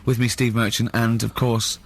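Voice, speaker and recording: A man's voice: mid-range voice, little pitch movement, normal speed. An English man hosting a comedy radio show, telling stories in a teasing, giggly way. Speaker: radio host. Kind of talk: casual comedy radio chat. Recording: radio studio.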